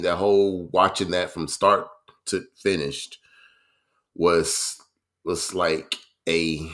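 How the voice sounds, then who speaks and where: Low-voiced hesitant man. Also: fairly bright tone. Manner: slow and hesitant, many fillers. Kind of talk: casual sports chat.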